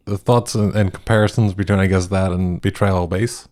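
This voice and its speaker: A man's voice: deep voice, steady tone, normal speed, a little mellow. A man hosting a casual chat, asking questions and agreeing often. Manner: easygoing, frequent agreement.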